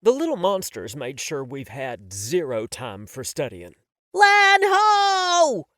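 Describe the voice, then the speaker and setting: A man's voice: medium pitch, sing-song, measured pace, a little mellow, no echo. A man narrating a novel in the first person, wry and self-mocking, on a close studio mic. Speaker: audiobook narrator.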